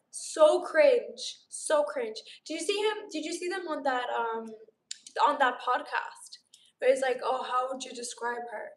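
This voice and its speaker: High-voiced chatty woman in an echoey room. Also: a bit bright, a little hiss or hum. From Romania. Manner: bubbly, gushing, chatty, replying to chat aloud. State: sore throat. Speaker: livestream host. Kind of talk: casual live-stream chat with viewers. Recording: roomy echo.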